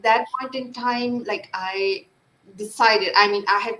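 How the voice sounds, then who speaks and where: A woman psychologist being interviewed, speaking softly with many fillers and restarts. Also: medium pitch, steady tone, a little slow. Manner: soft-spoken, frequent fillers and restarts. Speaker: guest psychologist. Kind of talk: live interview. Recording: echoey room with faint noise.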